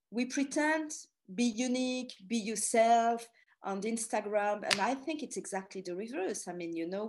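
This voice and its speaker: A middle-aged woman with a French accent, giving an anecdotal talk with chatty asides as a speaker and tour guide. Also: on the high side. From France. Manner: chatty, storytelling with asides and fillers.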